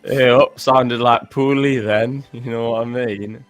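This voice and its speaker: A man's voice: medium pitch, steady tone, slow pace, no echo, soft background music. A man hosting a live trading stream, chatting casually and joking while he stammers and restarts as he walks through charts.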